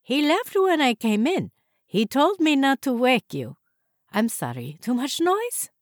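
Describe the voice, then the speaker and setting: A woman's voice: sits high, very animated, a little slow, dry recording, clean studio sound, pitched above the performer's own voice. A woman voicing a polite, apologetic housekeeper with a thick Hungarian accent.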